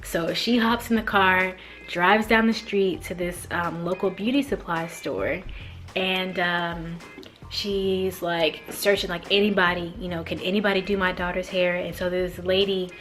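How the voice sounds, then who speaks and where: A young Mid-US woman with a fairly low pitch tells a casual storytime vlog. She's animated and acts out the quoted lines with big leaps in her voice.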